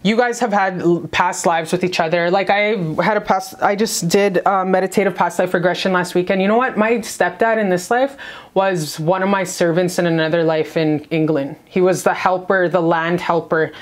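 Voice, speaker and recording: A woman's voice: on the low side, fairly even intonation, moderate pace. A woman giving a casual spiritual love reading to camera, brash and profane, hyping up the viewer. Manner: brash, profane, hyped-up pep talk. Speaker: tarot reader.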